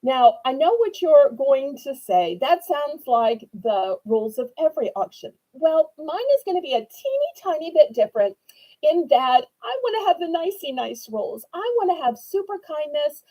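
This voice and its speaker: A woman's voice: high-pitched, very animated, moderate pace, mellow, poor audio. A woman, chatting sweetly and eagerly as she hosts a live online auction. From New Orleans, Louisiana. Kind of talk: live-stream sales chat.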